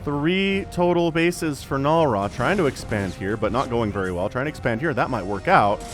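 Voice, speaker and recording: Male solo esports caster, chatty and rambling, lively voice with faint music underneath. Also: mid-range voice, normal speed. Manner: chatty, rambling asides, easily excited. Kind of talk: solo game commentary.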